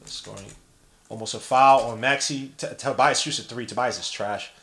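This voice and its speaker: A slangy New man calls a game as a podcast host doing live-stream play-by-play. His mid-range voice moves at a moderate pace over a little hiss or hum, and he's animated, joking and reading the chat aloud.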